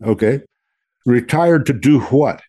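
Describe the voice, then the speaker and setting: Husky, mellow-voiced male show host. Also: medium pitch, lively intonation, takes it slowly. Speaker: podcast host, retired army officer. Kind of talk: hosting an interview and reading ads.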